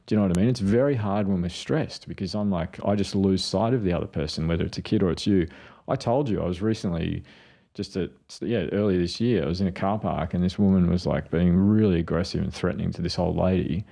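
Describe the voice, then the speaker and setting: A man with a very low, gravelly and husky voice. He talks through parenting ideas in a casual podcast chat. He slips into quoted voices to tell his stories. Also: quick pace, warm tone. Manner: storytelling, acts out quotes. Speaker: podcast co-host, mental health clinician.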